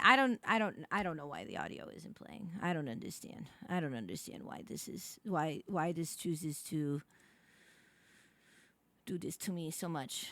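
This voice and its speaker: A young woman streaming live, chatting casually to her viewers, rambling and swearing with quick restarts. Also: low voice, big pitch swings, pushed and bright, no room sound.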